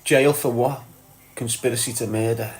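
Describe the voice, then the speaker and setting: Hosting a live stream, a man from Liverpool, England talks bluntly to viewers in a Scouse accent, reading comments aloud and cursing freely in casual chat. His mid-range voice is fairly even, at a moderate pace, with a roomy sound.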